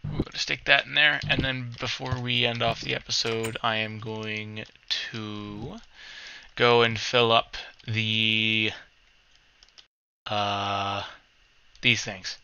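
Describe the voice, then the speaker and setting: A man's voice: lowish voice, flat delivery, takes it slowly, creaky, pushed and bright, clear, resonant tone, highs cut off. A man hosting a let's play, giving casual, rambling gameplay commentary, often correcting himself and humming little sound effects.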